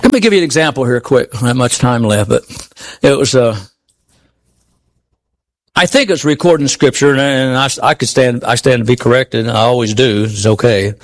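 A man preaching a sermon, emphatic and full of rhetorical questions, swinging between raised exclamations and low murmurs.

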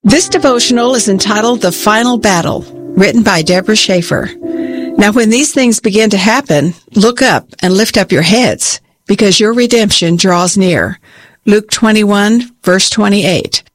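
A woman reading a scripted devotional in a calm, steady way. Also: mid-range voice, unhurried. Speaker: devotional reader.

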